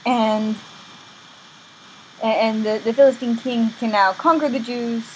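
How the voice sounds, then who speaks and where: Casting: woman storyteller, higher voice, playful and irreverent. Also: steady tone, slow, darkish tone, a little hiss or hum, poor audio. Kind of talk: comic casual story retelling.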